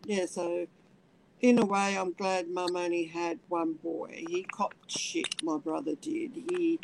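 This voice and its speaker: A middle-aged woman, telling her personal story in halting speech with many restarts. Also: fairly low pitch, animated, creaky, noisy background. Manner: halting, many restarts, acts out voices in quotes. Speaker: interviewee.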